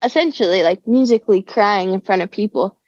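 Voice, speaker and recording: A woman's voice: mid-range voice, a little fast, a little mellow, no echo. A young woman, a musician guest, talking in a laid-back, slangy way in a casual interview, throwing in "dude" and "bro". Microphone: remote call. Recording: dull, dry lo-fi call audio.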